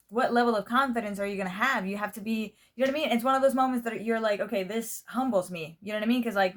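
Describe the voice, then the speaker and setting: A woman's voice: fairly high pitch, a bit bright. A young woman from Spain, a native Spanish speaker, speaks English with an American-style accent. Her vlog talk to the camera is casual and meandering. She keeps looping back to "you know what I mean" and swears without a second thought. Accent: American-style English pronunciation. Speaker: vlogger.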